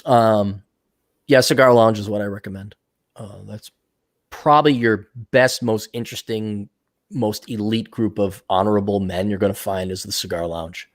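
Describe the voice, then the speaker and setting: A man's voice: lowish voice, moderate pace, no room sound, clean studio sound. A man co-hosting a casual podcast, reading viewer questions and joking around with lots of laughter. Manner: joking, animated, laughs often.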